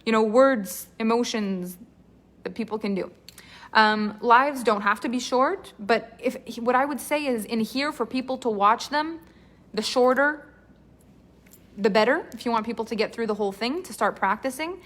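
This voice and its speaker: A woman's voice: fairly high pitch, moderate pace, a bit bright. A woman coaching voice acting in a live online class, talking in an enthusiastic, chatty, rambling way.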